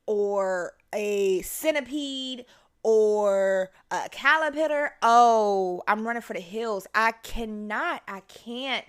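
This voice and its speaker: A woman, hosting a casual solo podcast and telling stories in a lively, profane way while she eats. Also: medium pitch. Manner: animated storytelling, swears freely, mimics her own voice. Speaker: podcast host.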